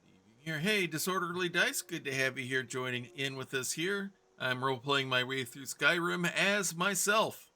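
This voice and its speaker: A man's voice: fairly high pitch, moderate pace, hardly any pauses, sharp tone. A man from Kentucky giving chatty let's-play commentary, role-playing his way through a fantasy game and chatting with viewers and characters. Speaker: gamer role-playing as himself.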